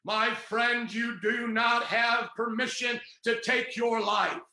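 A Pentecostal preacher, a man, preaching a fiery sermon, often shouting with passion and confronting his listeners. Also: very high-pitched, steady tone, slow pace, roomy sound, rough recording.

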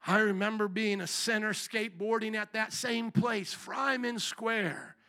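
A middle-aged male pastor with a very high, bright voice delivers a fiery sermon in a church. He preaches hard, pushing into shouts. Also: fairly even intonation, a little slow. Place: church sanctuary.

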